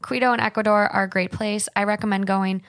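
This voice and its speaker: A woman's voice: medium pitch, fairly even intonation, fast talker, a bit bright. A young woman from Minnesota co-hosting a podcast, chatting casually, laughing often and reading posts aloud. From Minnesota, USA. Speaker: podcast co-host.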